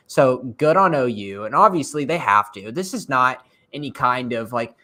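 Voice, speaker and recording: A man's voice: mid-range voice, normal speed, hardly any pauses. Chatty young man on a sports podcast. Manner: animated, rambling, many "like" fillers. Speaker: podcast co-host. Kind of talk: casual sports podcast chat. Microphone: streamed podcast mic.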